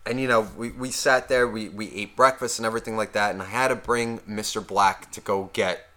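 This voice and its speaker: A man co-hosting a podcast, telling stories in an animated way and swearing constantly. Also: fairly low pitch, a little fast. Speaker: podcast co-host. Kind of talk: casual chat.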